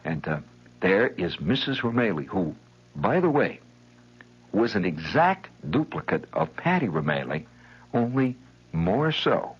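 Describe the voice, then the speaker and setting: A man telling a rambling, wry childhood story as a radio monologue, animated and chuckling, on a lo-fi 1970s broadcast. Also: low-pitched, takes it slowly, slight background noise.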